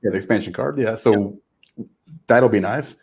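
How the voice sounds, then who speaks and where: A man co-hosting a podcast, talking in an easygoing, agreeable way in quick back-and-forth. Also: lowish voice, vocal fry, a little mellow, husky. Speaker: podcast co-host. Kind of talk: casual podcast chat.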